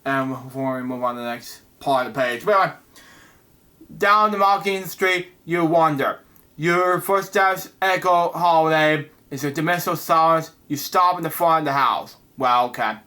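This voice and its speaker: A man hosting a comic book review channel, reading the pages aloud in a halting, casual way and dropping frequent "wow"s and "anyways". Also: fairly high pitch, lively intonation, pushed and bright.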